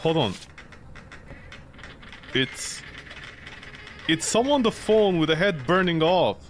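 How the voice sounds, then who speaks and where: Lively, high-voiced male game streamer. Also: slow pace, slight background noise. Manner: jokey, rambling, talks back at the game. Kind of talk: let's play commentary.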